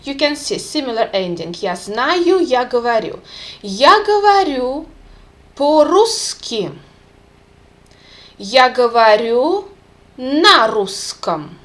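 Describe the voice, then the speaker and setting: Slow-speaking woman teaching vocabulary. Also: sits high, sing-song, a bit bright. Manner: careful, clear pronunciation with repeated examples. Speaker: language teacher.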